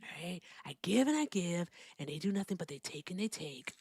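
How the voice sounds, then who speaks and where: A woman's voice: fairly low pitch, very animated, brisk, a little mellow, breathy edge, no room sound, clean studio sound, heavily acted. A woman doing a half-whispered impression of a boastful, whiny older male politician who keeps repeating "all right?". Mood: boastful, whining.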